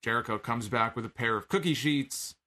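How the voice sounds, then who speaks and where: A man's voice: medium pitch, a little fast, sharp tone. A man giving a casual spoken recap of a wrestling show, conversational with wry asides and frequent filler words.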